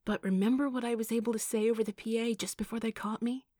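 A woman's voice: on the high side, steady tone, fast, mellow, dry recording, studio quality, pitched above the performer's own voice, natural voice. A woman reading the part of a playful, teasing young man in an audiobook, speaking grandly and boisterously.

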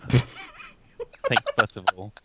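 A woman from England guesting on a comedy podcast, sweary and dry in her jokes. Her pitch swings widely, and a steady hiss sits on her line. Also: very slow. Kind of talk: casual comedy podcast chat.

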